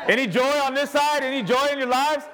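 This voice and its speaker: A man's voice: extremely high pitch, brisk. A man leading an interactive sermon activity, joking and calling out to the crowd. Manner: lively, joking, calls out to the crowd. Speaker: church speaker leading a group activity.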